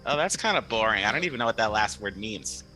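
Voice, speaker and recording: A man's voice: lowish voice, lively intonation, fast talker, sharp tone, a little hiss or hum, rough recording. A man playing a naive, friendly adventurer in a tabletop game, stammering out wide-eyed questions. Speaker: player. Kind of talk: in-character tabletop role-play.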